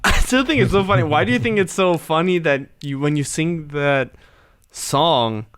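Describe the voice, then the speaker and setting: A man's voice: fairly high pitch, normal speed, a bit bright, clear, resonant tone, no room sound, clean studio sound. A man hosting a podcast, asking curious questions in a teasing, laughing way. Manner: teasing, curious interviewer who laughs often. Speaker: podcast host. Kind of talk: casual chat.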